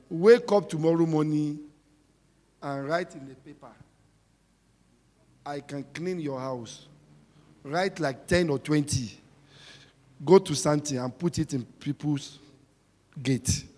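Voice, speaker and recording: A man preaching a sermon, emphatic and repetitive, swinging between shouting and quiet talk. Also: a little high, unhurried, pauses often, in a large hall, soft background music.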